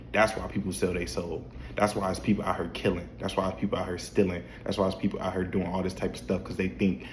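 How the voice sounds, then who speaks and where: Speaking fairly quickly, this faith vlogger has a low, slightly mellow voice and a steady tone. He sits in a dim room at home at night, chatting to camera about spirituality, repeating himself, preaching, restarting, and posing rhetorical questions. There's an echo and a little hiss or hum.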